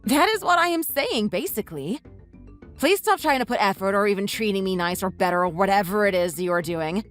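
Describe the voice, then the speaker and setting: A text-to-speech woman's voice voicing a scornful, sharp-tongued young wife who scolds her husband in a text-message story. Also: medium pitch, expressive, brisk, faint music behind, lightly acted. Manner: mocking, scolding.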